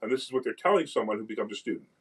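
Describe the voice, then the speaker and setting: A man hosting a radio money show in casual chat, emphatic and animated, quizzing his guests. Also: on the low side, very fast, breathy edge, poor audio.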